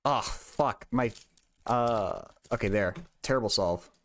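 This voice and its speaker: A man's voice: mid-range voice, slow pace, a bit bright. A young man hosting a casual livestream, thinking aloud in a rambling way with many stammered restarts. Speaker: livestream host.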